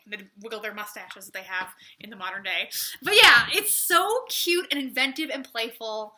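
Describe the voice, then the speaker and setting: A woman's voice: a little high, big pitch swings, normal speed, bright, forceful tone. A young woman gushing in a chatty book review vlog, rambling through tangents with lots of "like".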